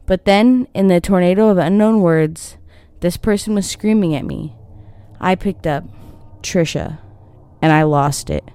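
A woman narrating a scripted scary story in a steady storytelling read. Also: lowish voice, moderate pace, clear, resonant tone, no room sound.

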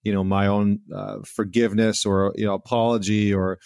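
A man's voice: on the low side, level tone, moderate pace, gravelly, darkish tone, smooth, dry recording, studio quality. A man hosting a podcast interview, thinking aloud in a reflective way. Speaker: podcast host.

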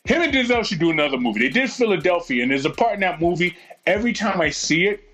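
A man ranting in casual podcast chat, cursing in nearly every sentence. His voice sits a bit high for a man and swings up and down a lot as he gets worked up. He sounds heated and blunt. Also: very animated, quick pace, fairly bright tone, slight background noise, poor audio. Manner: heated, swears constantly, ranting.

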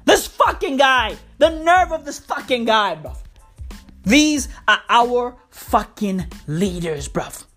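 A woman's voice: on the high side, sing-song, slow pace, fairly bright tone, faint music behind. A woman from South Africa delivering a heated, swearing comedic rant full of slang and repetition. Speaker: comedic ranter.

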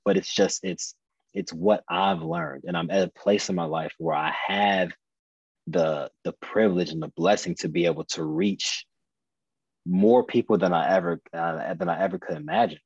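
A man's voice: sits low, normal speed, vocal fry, darkish tone, breathy edge, no echo, lo-fi sound. A man in his thirties, a podcast guest, telling a personal story earnestly and candidly, often restarting and repeating his phrases. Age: 30s.

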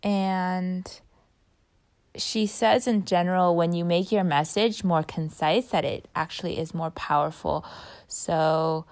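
A young woman talks in a relaxed, chatty way, leaning on fillers and letting her sentences fade. Her voice sits a little on the low side. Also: slow pace. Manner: chatty, many fillers, trails off softly. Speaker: vlogger recapping a speaking workshop. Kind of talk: casual chat.

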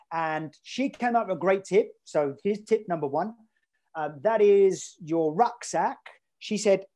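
Man, English accent, slightly high voice, rambling storyteller, casual. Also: warm tone. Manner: rambling, chatty, many fillers. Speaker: podcast guest.

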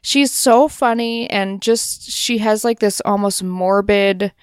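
Smooth-voiced woman co-hosting a chatty podcast. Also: mid-range voice, slow pace, dry recording, clean studio sound. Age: adult parent. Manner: chatty, enthusiastic, lots of fillers. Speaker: podcast co-host. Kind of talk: casual chat.

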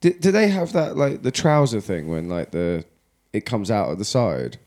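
A man's voice: on the low side, sing-song, moderate pace, a little mellow. A man co-hosting a podcast, chatting casually in a rambling, jokey way with some swearing. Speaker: podcast co-host. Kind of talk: casual chat.

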